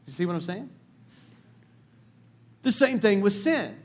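A man preaching a sermon as pastor, telling a story with lively asides. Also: high-pitched, unhurried.

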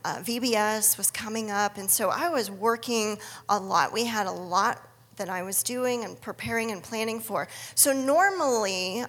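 A woman's voice: on the high side, fairly bright tone, big-room sound. A middle-aged woman giving an earnest personal faith testimony, telling her story and acting out her own inner dialogue. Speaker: speaker sharing a faith testimony.

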